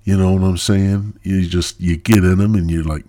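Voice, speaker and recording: A man's voice: low-pitched, fairly even intonation, normal speed, mellow. A stoned man hosting his own podcast in a crude, rambling monologue that loses its thread. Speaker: podcast host.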